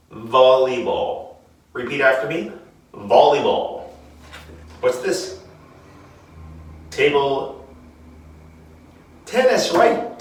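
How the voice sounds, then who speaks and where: A man teaching English vocabulary to children, demonstrating a lesson and drilling words slowly and clearly. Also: a little high, far from the mic. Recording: very echoey room, off-mic.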